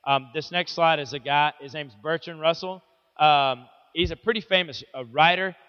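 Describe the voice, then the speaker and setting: A man's voice: fairly high pitch, moderate pace, clear, resonant tone. Casual, joking man teaching a Bible lesson. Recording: echoey hall, dull lo-fi sound.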